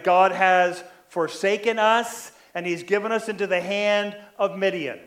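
Male pastor, high voice, conversational sermon, habitual "right?" tags. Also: steady tone, measured pace, few pauses, a bit bright, echoey room. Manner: frequent "right?" tag questions, acts out quoted lines.

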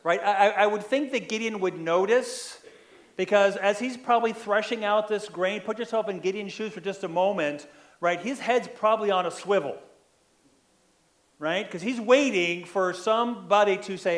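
High-voiced preacher peppering "right?". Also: male voice, moderate pace, reverberant. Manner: frequent "right?" tag questions, acts out quoted lines. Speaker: pastor. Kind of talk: sermon.

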